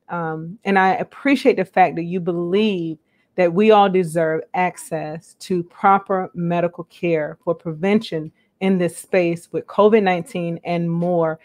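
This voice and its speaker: A woman hosting a live online interview, earnest and halting with many ums, laughing often, over a video call. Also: on the low side, darkish tone. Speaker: host.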